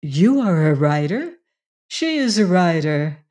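A woman reading a soft-spoken generous rancher woman. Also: on the low side, very animated, slow. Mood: tender. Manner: soft, earnest, musing.

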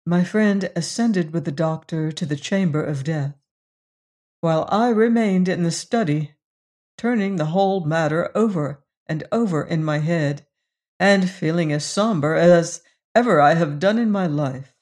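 A reader giving a measured, scripted narration of a period story. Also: mid-range voice, darkish tone. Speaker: audiobook reader.

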